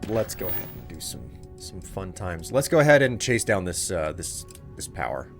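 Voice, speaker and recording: A man's voice: low-pitched, sing-song, moderate pace, over music. Chatty joking male game streamer. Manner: joking, chatty, talks to chat. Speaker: streamer playing a video game. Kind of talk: casual live-stream commentary.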